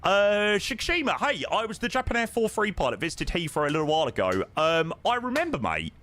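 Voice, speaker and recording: Lively, chatty man streaming. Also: high-pitched, brisk, slight background noise. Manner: chatty, answers viewers with lots of ums and "mate". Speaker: live streamer flying a flight simulator. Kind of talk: casual live-stream chat.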